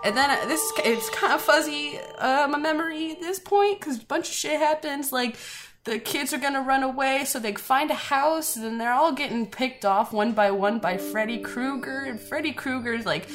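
A woman's voice: high-pitched, moderate pace, music in the background. A young woman casually recapping a film plot, giggling, rambling and swearing freely as she goes. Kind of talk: casual chat.

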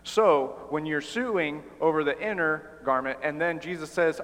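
Man, preacher, sermon, animated, fairly high voice, long hall reverb. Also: moderate pace, few pauses. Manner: animated, acts out quoted dialogue.

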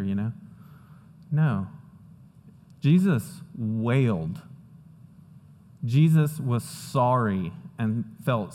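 A pastor giving a sermon in a conversational way, often checking in with "right?" and "okay?". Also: male voice, medium pitch, dark tone, big-room sound.

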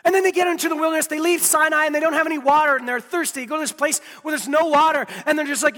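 A man's voice: extremely high pitch, fairly even intonation, very fast, hardly any pauses, sharp tone, long reverb tail. A man preaching a sermon, emphatic, repeating key phrases and speaking straight to his listeners. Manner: addresses listeners directly. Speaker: pastor.

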